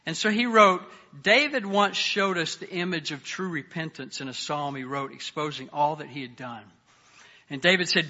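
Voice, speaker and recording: Earnest high-voiced male preacher. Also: normal speed, dull audio. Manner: earnest, varies loudness, drops soft on prayers. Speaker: pastor. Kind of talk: sermon with scripture reading.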